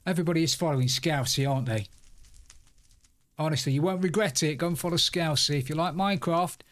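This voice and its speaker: A man's voice: on the high side, quick pace, a bit bright. A man chatting casually on a live game stream, rambling to himself and greeting viewers by name. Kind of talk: casual live-stream chat while playing.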